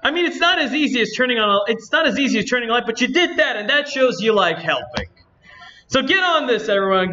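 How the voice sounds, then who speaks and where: A man's voice: very high-pitched, sharp tone, lo-fi sound, exaggerated voice. A man putting on Natsuki, a bratty schoolgirl. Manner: sassy, demanding, complaining. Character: bratty, indignant teenage schoolgirl.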